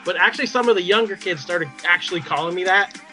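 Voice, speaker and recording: Casting note: male co-host, bright tense tone, a little high, easygoing and chuckling. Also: fast talker, faint music behind. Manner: relaxed, chuckling. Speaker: podcast co-host. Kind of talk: casual chat.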